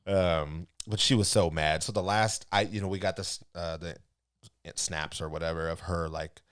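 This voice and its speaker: Here a male co-host with a smooth, low-sitting voice and normal speed shares an amusing anecdote during an easygoing podcast chat. His telling is animated and full of laughter.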